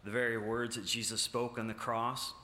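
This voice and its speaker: Male preacher, halting and emphatic, bright tone, roomy church sound. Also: medium pitch, little pitch movement. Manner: halting, many filler sounds and restarts; emphatic, rising on key points. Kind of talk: sermon with scripture reading. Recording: echoey room.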